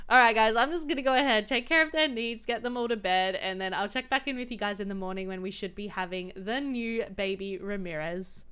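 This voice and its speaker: A woman's voice: medium pitch, a bit bright, clean tone. A young woman chatting casually as she comments on her own gameplay, exclaiming and laughing often. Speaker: gaming commentator.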